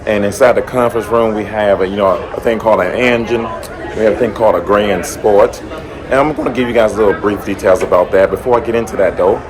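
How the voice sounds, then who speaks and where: Hoarse man, low voice, upbeat chatty car vlog host, talks to viewers. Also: steady tone, a little fast, a crowd in the background. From American South. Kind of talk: casual vlog talk to camera. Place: conference room at a car event.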